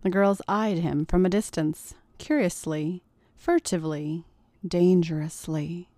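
A woman reads fiction aloud in a measured, deliberate voice. Her pitch is on the low side and her pace is very slow. The recording is dry, with no room sound. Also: steady tone, mellow, no echo. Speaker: story reader. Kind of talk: audiobook narration of erotic fiction.

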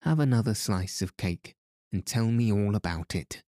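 A man's voice: fairly low pitch, animated, moderate pace, warm tone, no room sound. A man reading a teasing, genial priest. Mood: gently teasing. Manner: playful, dry humor. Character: genial, teasing middle-aged male priest.

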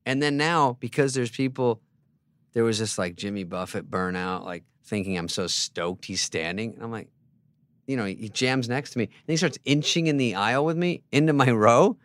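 A man in his fifties, a comedian guest, telling a story in a sarcastic, deadpan way and acting out other people's lines. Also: mid-range voice, moderate pace, no room sound. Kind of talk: casual storytelling chat.

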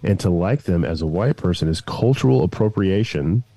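Low, dark-voiced Arkansas man. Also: animated, normal speed, dry recording. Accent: Arkansas, slight Southern twang. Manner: rambling storyteller, frequent swearing and restarts. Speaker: podcast co-host. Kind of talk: casual profane chat.

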